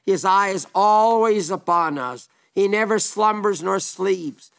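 A man's voice: sits high, a little slow, creaky, a bit bright, smooth. A man preaching a sermon in an earnest, emphatic way, quoting old-fashioned scripture.

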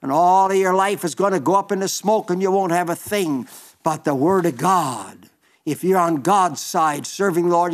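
Fervent elderly preacher in his eighties, higher voice. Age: 80s. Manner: fervent, storytelling preaching with repeated phrases. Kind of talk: sermon.

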